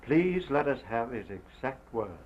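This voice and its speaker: An actor playing a grave lawyer who questions a client in a calm, measured, gently insistent way in an early sound film. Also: male voice, medium pitch, natural voice. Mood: coaxing. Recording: muffled 1929 film sound with faint hiss.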